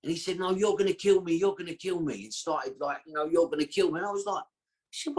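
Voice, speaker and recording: A man, his voice husky and set a touch high for a man. He tells his story in a rambling, slangy, streetwise way, with the feel of a podcast guest chatting casually. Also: fast talker.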